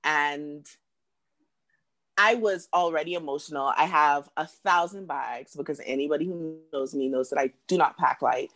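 A woman from the Bahamas, a guest telling a personal story in casual chat, lively and repeating words as she acts out what people said. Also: low voice, moderate pace.

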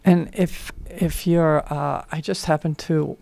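A woman's voice: deep voice, fairly even intonation, takes it slowly, creaky, darkish tone, no room sound. A woman co-hosting a radio talk show, sharing personal reflections in casual spiritual talk from a radio studio.

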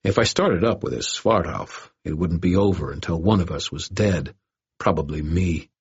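Deep, husky male narrator; steady, wry first-person reading. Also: moderate pace. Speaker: audiobook narrator. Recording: dull lo-fi audio.

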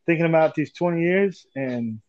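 Man, forties, casual podcast host, animated storyteller, laughs a lot, higher voice, dull lo-fi dry audio. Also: moderate pace, dry recording. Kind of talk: casual chat.

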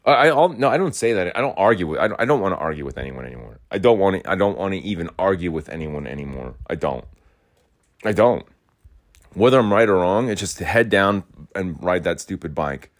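A young man with a low, deep voice talks in a loose, rambling rant. He swears often, circles back to the same complaints and repeats himself, moving in and out of his rural home as he talks. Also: animated, fairly quick. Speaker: podcast host. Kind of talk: rambling casual monologue.

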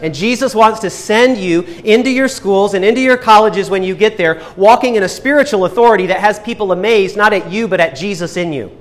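A young pastor with a fairly high voice preaches a sermon from the pulpit. He moves between soft, slow emphasis and quick, lively asides, briefly acting out voices in his stories.

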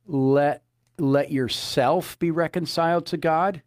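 A man's voice: a little high, fairly even intonation, takes it slowly, no echo, studio quality. A man preaching a sermon as a pastor, earnest, often repeating his phrases and citing scripture.

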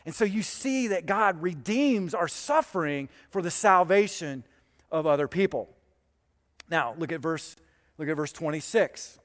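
Male pastor, high voice, chatty conversational sermon, long hall reverb. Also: lively intonation, moderate pace, fairly bright tone. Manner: conversational preaching with asides to the congregation.

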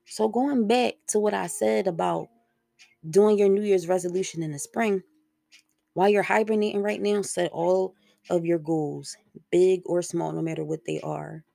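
A woman's voice: fairly low pitch, gravelly, dark tone, no echo, clean studio sound. A young woman hosting her own podcast solo, talking in a casual, slangy, rambling way and swearing freely. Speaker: podcast host.

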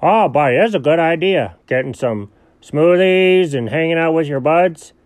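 Man voicing goofy rich dog, easygoing, higher voice, bouncy delivery, dry close sound. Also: normal speed, dry recording, lightly acted. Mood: cheerful. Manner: lively, rambling, bemused. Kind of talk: improvised audio story.

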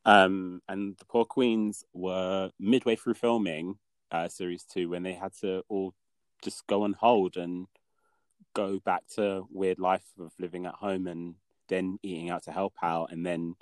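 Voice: sits low, flat delivery, measured pace, no echo. A podcast co-host in casual chat, chatty and laughing often, with the odd cough.

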